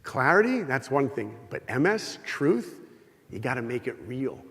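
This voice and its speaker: A man's voice: mid-range voice, unhurried, vocal fry. A middle-aged man giving a humorous, storytelling talk to a live audience, acting out bits of dialogue as he goes. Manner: animated, humorous, acts out dialogue. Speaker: speaker giving an inspirational talk. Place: large hall with an audience. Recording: long hall reverb.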